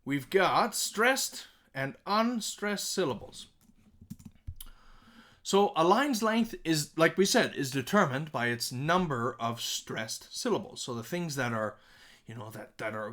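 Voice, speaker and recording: A man teaching a songwriting lesson, explaining stressed syllables in an animated way and speaking example lines with strong emphasis. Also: on the high side, takes it slowly. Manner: restarts and self-corrections while explaining. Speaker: music teacher.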